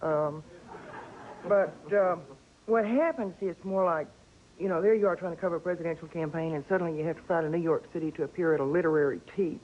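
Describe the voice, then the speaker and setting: A woman's voice: fairly low pitch, quick pace, muffled recording. A woman from East Texas with a Texan accent, a columnist and author telling stories with dry, wry humor as a guest on a talk show.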